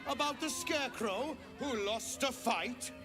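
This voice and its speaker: A man's voice: very high-pitched, measured pace, music in the background. A man voicing a cheery male clown in a game, telling puns in a sing-song, gleeful way.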